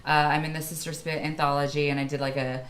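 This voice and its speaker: A woman's voice: deep voice, little pitch movement, quick pace, a little hiss or hum. A young adult woman from Kentucky, a performer guest chatting on a live podcast, telling bawdy, sassy stories. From Kentucky, USA. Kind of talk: casual chat.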